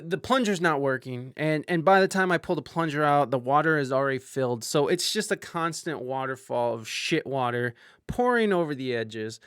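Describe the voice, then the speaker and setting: A man with a slightly higher-pitched, smooth and clear voice tells a crude story in a casual chat. He is animated and profane, and he bursts into loud, panicked yelps when he quotes himself. The sound is close and dry. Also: dry recording. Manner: greets live-stream viewers mid-story. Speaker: podcast host.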